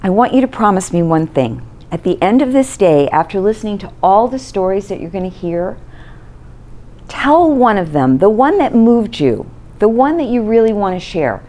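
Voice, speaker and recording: A woman's voice: mid-range voice, moderate pace. A woman presentation coach giving a short storytelling talk to an audience, acting out the voices of people in her story. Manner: lively storyteller, acts out voices in quotes.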